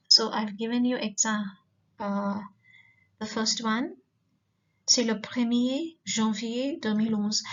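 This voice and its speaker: A woman, a French teacher giving a recorded lesson and patiently repeating words slowly. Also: on the high side. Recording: dull lo-fi recording.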